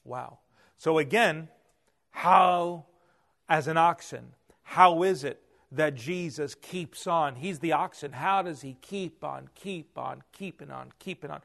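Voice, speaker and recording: A man preaching a sermon, swinging between loud emphasis and hushed asides. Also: a little high, takes it slowly, creaky. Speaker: pastor.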